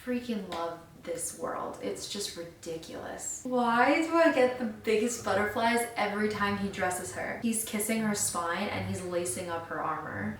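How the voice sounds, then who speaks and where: A young adult woman vlogging her reactions to a book, gushing and excitable with lots of filler words. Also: mid-range voice, moderate pace, hardly any pauses, far from the mic, a little hiss or hum. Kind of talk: casual reading vlog reactions. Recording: roomy sound, mic set back.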